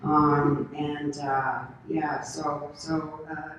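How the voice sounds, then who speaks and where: A woman in her thirties from the United States, a convention panel guest answering questions in a rambling, animated way and laughing often. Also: low voice, extremely slow. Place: large convention hall. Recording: echoey hall from far off, faint noise.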